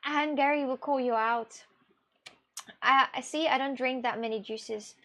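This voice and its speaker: A woman's voice: sits high, fairly even intonation, a little slow, sharp tone. Chatty young woman. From Russia. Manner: chatty and rambling, with gasps and restarts. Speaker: live streamer. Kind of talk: casual stream chat, answering viewers.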